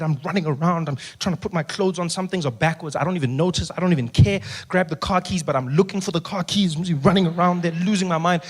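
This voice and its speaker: A young man with a South African accent, telling stand-up stories and acting out every character himself. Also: fairly high pitch. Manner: animated, acts out both sides of his stories. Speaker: stand-up comedian. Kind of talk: stand-up comedy storytelling.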